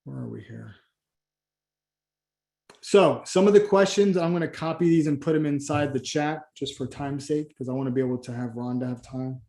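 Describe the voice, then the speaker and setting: Casual coaching man, mellow and echoey. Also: medium pitch, moderate pace, vocal fry. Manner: casual, rambling, acts out client dialogue with many restarts. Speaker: Christian business coach. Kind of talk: coaching training session.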